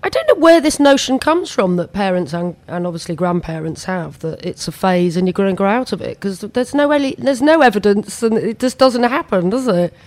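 Woman, British accent, podcast host, gentle sympathetic questions, dry close sound. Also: medium pitch, lively intonation, brisk, few pauses, no room sound. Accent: British English. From United Kingdom. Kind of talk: interview.

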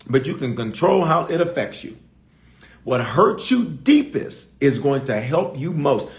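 A pastor with a slightly high voice preaches emphatically in an echoey room, captured for an online streamed service. He repeats key lines and calls out to his congregation.

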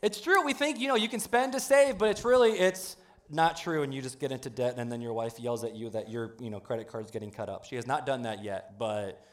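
A man preaching a humorous sermon in a church, joking with the congregation in a playful, animated way. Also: medium pitch, brisk. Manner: playful, jokey, animated delivery. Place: church sanctuary.

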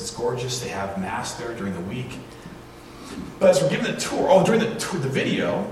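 A man's voice: mid-range voice, far from the mic, a little hiss or hum. Man preaching in a big echoey hall. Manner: conversational storytelling with rhetorical questions. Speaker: pastor. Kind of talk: sermon.

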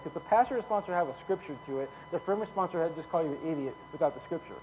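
A man preaching a casual sermon, folksy and chatty, tagging lines with "okay?" and getting louder when he reads scripture. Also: fairly high pitch, lively intonation, rapid-fire, few pauses, slight background noise, poor audio. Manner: folksy, repeats "okay?" often, rises loud when reading scripture. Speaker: pastor.

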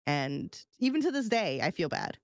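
Woman, podcast co-host, casual storytelling, rambling, filler-heavy, low voice, dry sound. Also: very animated, moderate pace, dry recording. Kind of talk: casual chat, personal storytelling. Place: live-streamed podcast studio.

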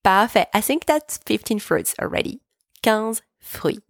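Woman running a french podcast lesson, slow and careful, dry close sound. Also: mid-range voice, animated, dry recording. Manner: clear, slow, deliberate pronunciation for repeating. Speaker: French teacher. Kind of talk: podcast language lesson with repetition drills.

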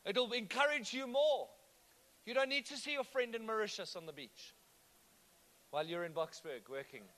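A man's voice: high-pitched, lively intonation, moderate pace, sharp tone. A man preaching a sermon, conversational and often asking the congregation whether they follow. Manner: conversational, asks the congregation questions. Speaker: pastor.

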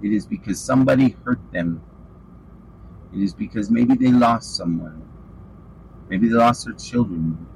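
A man's voice: lowish voice, measured pace, vocal fry, pauses often, darkish tone, slight background noise, rough recording. A man preaching an informal sermon, fervent and calling listeners out with rhetorical questions. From western United States.

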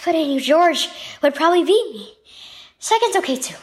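A woman voicing an earnest, tender young boy in a children's story, with an eager, pitched-up manner. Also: sing-song, normal speed. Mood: breathless.

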